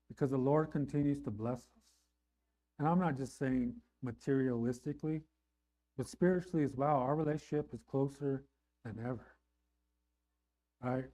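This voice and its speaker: A middle-aged man preaching a sermon in a conversational way, often asking "right?" and rising in pitch and volume on emphatic lines. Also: normal speed, long pauses, warm tone. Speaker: pastor.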